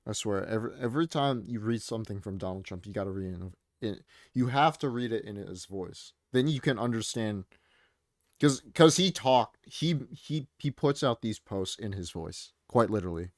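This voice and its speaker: A man's voice: fairly low pitch, animated, a little fast, no echo, clean studio sound. A man giving casual, rambling commentary as he reads social media posts aloud, with plenty of fillers. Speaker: commentary streamer.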